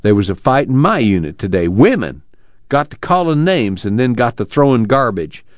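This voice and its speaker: A man's voice: medium pitch, sing-song, normal speed, no room sound, close to an everyday voice. A man voicing a stout, indignant camp worker telling tales in a cussing rural drawl. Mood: grumbling. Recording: dull lo-fi dry recording.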